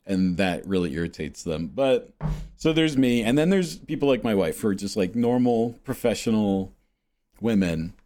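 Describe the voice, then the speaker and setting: A man hosting a podcast, talking in a low voice whose pitch swings up and down a lot. He rambles casually, swears freely and pokes fun at himself with little chuckles. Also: warm tone. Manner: meandering, swears, self-mocking with chuckles. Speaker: podcast host.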